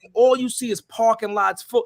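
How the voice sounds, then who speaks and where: A man co-hosting a podcast, from New York, telling a story in a loose, profane, animated way and laughing as he goes. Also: extremely high pitch, normal speed, vocal fry, dry recording. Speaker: podcast co-host. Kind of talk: casual storytelling.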